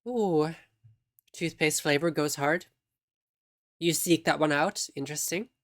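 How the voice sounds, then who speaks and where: Streamer, mid pitch, easygoing chat with viewers, teasing. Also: a little slow, fairly bright tone, no room sound, studio quality. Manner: chatty, teasing, reacting to chat. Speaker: live streamer.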